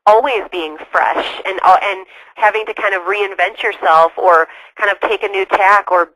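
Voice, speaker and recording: Bright, enthusiastic woman in a sales webinar. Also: medium pitch, steady tone, normal speed, dry recording, rough recording. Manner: enthusiastic, chatty. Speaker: sales guest expert.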